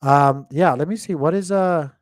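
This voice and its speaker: A man's voice: a little high, moderate pace, dry recording. A man hosting a casual crypto market video, thinking aloud and rambling with lots of fillers. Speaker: crypto channel host. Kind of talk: casual market commentary to viewers. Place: home.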